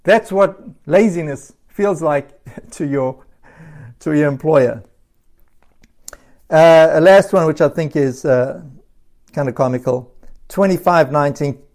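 A man with a slightly high voice delivers a sermon in an easy, conversational way. He tells stories and laughs now and then. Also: slow pace, pauses often, a little mellow. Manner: casual storytelling with laughs.

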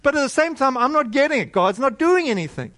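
A middle-aged American man preaching a sermon, telling a personal story in a conversational, animated way with many restarts. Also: very high-pitched, fast talker, no room sound.

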